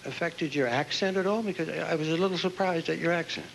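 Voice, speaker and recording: A man hosting a pageant, interviewing contestants on stage with quick, joking banter. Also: a little high, creaky. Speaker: pageant host. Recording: noisy live stage recording.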